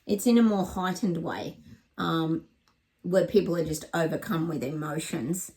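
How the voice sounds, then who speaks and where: Husky low-voiced woman giving a psychic reading. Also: unhurried, a little mellow. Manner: rambling, emphatic, many ums and restarts. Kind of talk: psychic reading monologue to camera.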